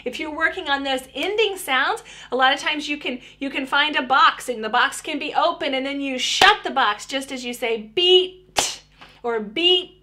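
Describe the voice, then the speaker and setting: A woman's voice: high voice, moderate pace, hardly any pauses, bright, forceful tone. A woman speech therapist giving parents practical tips in a friendly, conversational way, often restarting her sentences.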